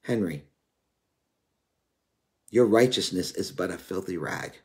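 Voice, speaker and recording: A man voicing God, low and hushed. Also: takes it slowly. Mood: solemn rebuke. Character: calm stern voice of God, male.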